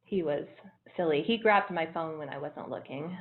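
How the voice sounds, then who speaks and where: A woman's voice: low voice, moderate pace. Chatty woman on a tinny line. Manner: animated, laughs often, acts out quotes. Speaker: traveler sharing trip photos. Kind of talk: casual storytelling.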